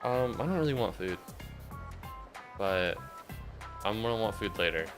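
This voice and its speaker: A young man streaming a game in casual chat, ranting and swearing with loud exasperated outbursts. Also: fairly low pitch, lively intonation, unhurried, over music.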